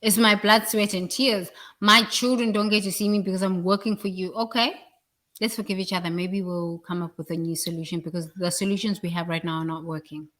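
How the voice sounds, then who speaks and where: A woman's voice: fairly low pitch, steady tone, brisk, a bit bright. A woman giving a blunt, preachy motivational talk about work and responsibility, swearing freely. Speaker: leadership speaker.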